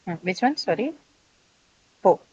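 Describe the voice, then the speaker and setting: A woman teaches an English class about syllables and word stress, speaking in a classroom. She keeps checking in with her students with "right?" and fills pauses with "uh". Her voice sits at a middle pitch. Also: lively intonation, a little mellow, dull audio, a little hiss or hum.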